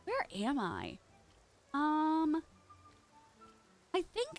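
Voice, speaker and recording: A woman's voice: high-pitched, huge pitch swings, slow, long pauses, soft background music. A young woman live streaming a game, chatting casually and gushing as she talks straight to her viewers. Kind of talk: casual live-stream chat while gaming.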